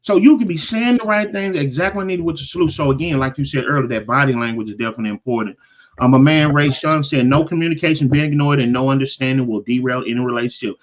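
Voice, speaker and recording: A middle-aged man co-hosting a casual podcast, reading out viewer comments with lively, preacher-like emphasis. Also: medium pitch, quick pace. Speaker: podcast co-host.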